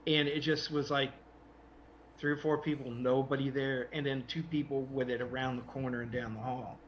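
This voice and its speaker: A man's voice: mid-range voice, little pitch movement, normal speed, lo-fi sound, slight background noise. A man hosting a podcast, rambling through stories in casual chat and searching for names. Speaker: podcast host.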